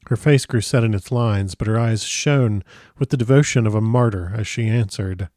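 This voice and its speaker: A man narrating a classic novel in a measured, grave storytelling manner on a close microphone. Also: on the low side, darkish tone, no echo. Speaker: audiobook narrator.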